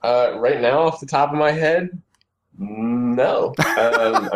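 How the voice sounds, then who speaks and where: A man appearing as a guest on a podcast, answering casually in a hesitant way with many ums and uhs. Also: mid-range voice. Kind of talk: casual interview chat.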